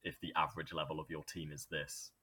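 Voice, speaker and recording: A man chatting as a guest on a gaming podcast, animated and quick to joke. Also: extremely low pitch, slightly rough. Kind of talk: casual gaming chat.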